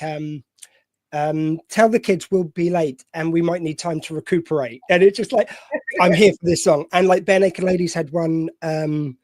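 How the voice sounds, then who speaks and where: High-voiced posh man chatting. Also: a little mellow, dry recording. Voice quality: slightly posh voice. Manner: rambling, many fillers and restarts. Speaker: host. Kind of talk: casual chat.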